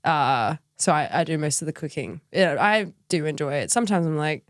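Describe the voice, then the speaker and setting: Australian woman, young adult, slightly low voice, easygoing podcast guest, dry close sound. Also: lively intonation, a little fast, no echo. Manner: chatty, many "like" fillers, laughs often. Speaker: guest musician. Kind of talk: casual podcast chat.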